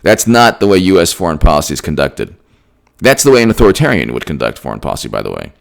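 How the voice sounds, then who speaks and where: A man giving an emphatic, rambling political commentary on his own channel, with frequent restarts. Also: fairly low pitch. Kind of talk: solo political commentary vlog.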